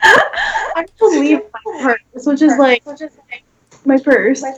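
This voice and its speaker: A young woman with a high voice rants in a swearing, exasperated way on a comedy podcast. Her speech is emphatic and casual. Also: huge pitch swings, slow pace, fairly bright tone, dull audio.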